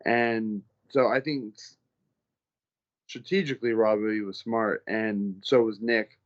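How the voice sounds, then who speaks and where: A man's voice: on the low side, slow pace, dull audio. A man, a heavyweight fighter, telling casual stories in an interview, swearing freely and acting out the people he quotes. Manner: animated storyteller, profane, acts out the people he quotes.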